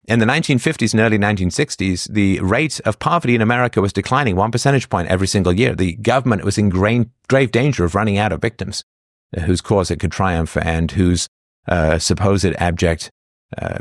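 A man giving a lecturing solo commentary, posing rhetorical questions and pausing on frequent fillers. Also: low-pitched, dry recording, studio quality. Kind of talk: solo political monologue.

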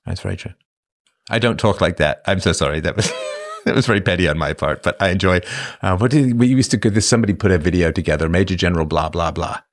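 A man's voice: sits low, quick pace. A man hosting a livestream, reading chat and talking casually in a wry, self-mocking way. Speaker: show host reading chat.

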